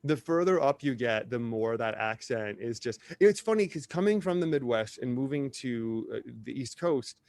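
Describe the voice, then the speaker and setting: A man from Wisconsin with a Wisconsin accent, telling stories in an animated, chatty way as a podcast guest. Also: mid-range voice, moderate pace, hardly any pauses, no echo. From Wisconsin, USA. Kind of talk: casual chat.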